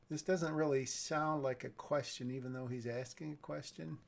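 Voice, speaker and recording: Gravelly man musing over a script. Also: medium pitch, normal speed, few pauses, darkish tone. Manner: thinks aloud, hedging and self-correcting. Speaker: script reader giving feedback. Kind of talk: live-streamed screenplay read with commentary.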